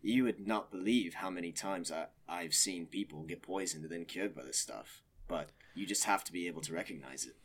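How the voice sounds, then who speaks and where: A man's voice: deep voice, fairly quick, hardly any pauses, a bit bright, slight background noise. A man playing a tabletop game, speaking in a rambling, matter-of-fact way. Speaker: player. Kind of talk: in-character tabletop chat.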